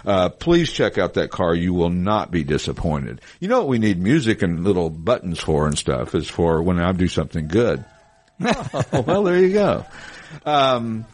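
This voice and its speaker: A man's voice: low voice, sing-song, normal speed, a little mellow, dry recording. A man in his fifties with grandkids, hosting a casual car dealership talk show, rambling and joking and laughing at his own gags.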